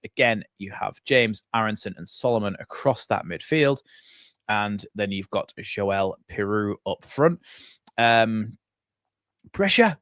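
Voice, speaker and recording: A low-voiced man hosts a football fan channel stream, chatting through a live watchalong from his home computer setup. He rambles with fillers and restarts, speaking into a desk microphone with no echo.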